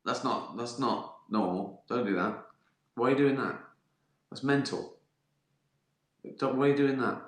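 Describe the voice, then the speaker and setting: A man's voice: medium pitch, measured pace, pauses often, echoey room. A middle-aged man, chatting casually on a livestream, rambling, swearing and laughing at his own stories. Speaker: livestream host answering viewer questions. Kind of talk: casual chat.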